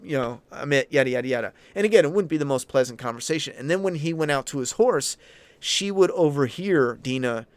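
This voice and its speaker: Guy ranting to his chat, swears a lot, smooth clean voice, dry sound. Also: fairly high pitch, expressive, brisk, no room sound. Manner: blunt, heavy swearing, ranting. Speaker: channel host. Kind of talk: casual opinion commentary, answering viewer chat.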